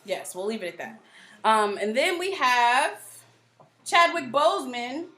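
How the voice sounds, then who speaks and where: A woman's voice: a little high, lively intonation, unhurried, pushed and bright. A woman co-hosting a casual podcast, talking bluntly with fillers and laughs. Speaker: podcast co-host. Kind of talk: casual chat. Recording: echoey room with faint noise.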